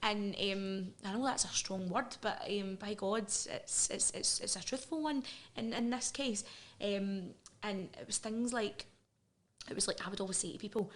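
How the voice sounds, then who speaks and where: This is a Scottish woman in her thirties, appearing as a guest on a podcast for a candid interview. Her voice sits at a medium pitch and moves at a moderate pace as she shares personal experiences openly and emotionally, frequently starting her sentences over.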